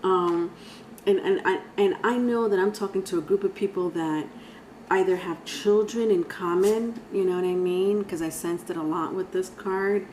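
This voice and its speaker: A woman's voice: medium pitch, steady tone, moderate pace, darkish tone, a little hiss or hum, low-quality recording. A woman giving a casual, rambling tarot reading, talking straight to viewers with sighs and laughs. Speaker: tarot reader.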